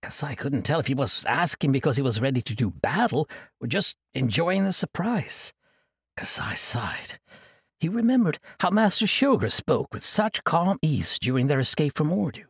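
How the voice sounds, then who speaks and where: A man narrating a fantasy audiobook in an expressive storytelling manner. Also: a little high, normal speed, vocal fry, husky, no echo, clean studio sound.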